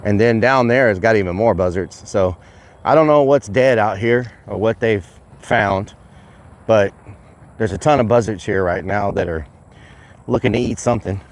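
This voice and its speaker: A man livestreaming outdoors, chatting excitably to his viewers and calling them y'all. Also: on the low side, moderate pace. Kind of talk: casual outdoor livestream chat. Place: outdoors at a rural property.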